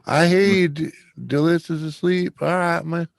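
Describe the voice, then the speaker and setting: A man chatting casually on a live stream, laid-back and giving quick short replies. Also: on the high side, steady tone, creaky, no echo.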